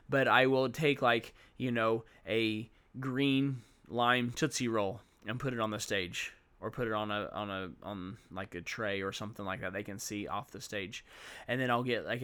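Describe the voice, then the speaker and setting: A middle-aged man talks through his classroom tricks for teaching kids in a relaxed, conversational way. His voice is smooth and clear, at an ordinary pitch for a man. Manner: conversational, explains with examples and acts out classroom exchanges. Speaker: children's ministry teacher. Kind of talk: teaching tips talk.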